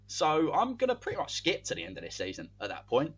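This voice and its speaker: A man with a slightly husky voice co-hosts a casual podcast, spinning an imagined football season as if commentating it live. His pitch swings widely as he builds the story, animated and playful. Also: quick pace. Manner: animated, spins a hypothetical tale like match commentary. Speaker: podcast co-host.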